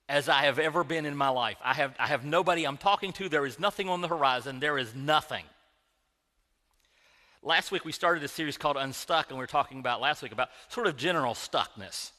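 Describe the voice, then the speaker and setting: A middle-aged man delivers a sermon in a church sanctuary, his voice bright and a little high. He talks like he's telling a friend a story, circling back and restarting phrases. A long reverb trails behind him in the hall. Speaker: pastor.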